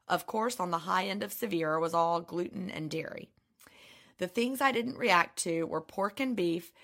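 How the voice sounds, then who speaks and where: A woman with a subtle Southern accent co-hosting a podcast, a bit hoarse, chatting and reading listener mail aloud. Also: on the low side, bright, forceful tone. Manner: chatty, laughs often, reads letters aloud. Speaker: podcast co-host.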